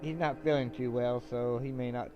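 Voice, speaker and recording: A man's voice: mid-range voice, fairly even intonation, moderate pace, muffled recording. A man livestreaming a game, reading its dialogue aloud with loose, joking asides. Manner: loose, joking asides between read lines. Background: game music.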